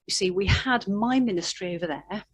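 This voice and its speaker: Woman preaching with lively storytelling. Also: medium pitch, moderate pace, slightly rough. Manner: animated storytelling, acting out quoted voices. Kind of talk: sermon.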